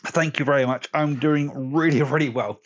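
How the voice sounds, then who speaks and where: A man's voice: on the high side, fairly even intonation, moderate pace, muffled recording. Rambling man chatting to his phone. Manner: rambling, chatty, corrects his own slips. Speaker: board game vlogger. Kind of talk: casual chat to camera. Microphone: phone camera.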